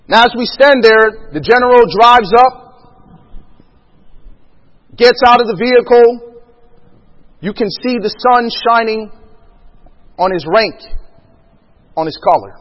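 A man with a notably high voice shares a personal testimony as a vivid storyteller, acting out other people's lines and laughing often. His voice rings with a long hall reverb, and the recording sounds dull and lo-fi. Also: takes it slowly, pauses often, a bit bright. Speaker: speaker sharing a personal testimony.

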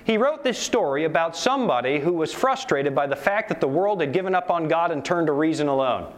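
Male preacher, higher-pitched, very animated delivery, keeps checking in with the congregation. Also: fairly quick. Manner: animated, asks the audience rhetorical questions. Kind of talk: sermon lecture to a live audience.

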